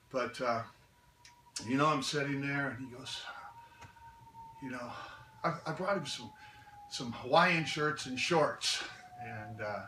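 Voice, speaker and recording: A man's voice: mid-range voice, slow, long pauses. A man, a martial arts instructor and knife maker, telling a story in a chatty way with many fillers. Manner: chatty, animated, hesitant with fillers. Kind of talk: anecdotal storytelling. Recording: echoey room from far off with faint noise.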